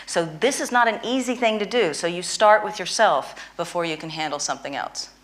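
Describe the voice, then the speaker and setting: A woman's voice: lowish voice, a little fast, fairly bright tone. A woman interviewing a guest and teaching a tapping technique, emphatic and prone to repeating phrases for stress. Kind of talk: instructional conversation.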